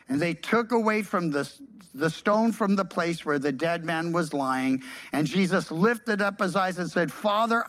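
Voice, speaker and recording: Male pastor, unhurried delivery, reads scripture and breaks into casual animated asides. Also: high-pitched. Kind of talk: sermon reading and commenting on scripture.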